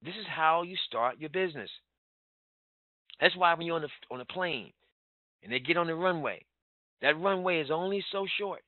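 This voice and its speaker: A man's voice: on the high side, lively intonation, normal speed, long pauses, no echo. A man giving a motivational business training talk as a sales trainer, emphatic and urgent, repeating key words. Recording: tinny phone-like line, dry.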